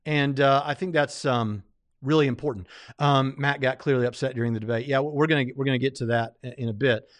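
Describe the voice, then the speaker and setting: A man's voice: medium pitch, fairly even intonation, brisk, no room sound. A man hosting a livestream, commenting casually on a debate, rambling with lots of fillers and restarts. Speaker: livestream host reviewing a debate.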